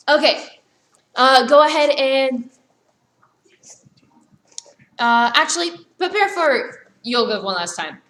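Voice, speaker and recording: Bright-voiced woman coaching karate. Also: a little high, lively intonation. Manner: brisk coaching commands. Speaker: karate instructor. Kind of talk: live virtual class instruction. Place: karate studio, indoors. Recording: echoey room.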